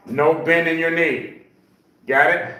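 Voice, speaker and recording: A man's voice: fairly high pitch, fairly even intonation, slow, pushed and bright. A man leading a live exercise class for seniors, counting repetitions aloud and checking in with a frequent "okay?". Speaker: senior fitness instructor. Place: senior center room. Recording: echoey room from a distance.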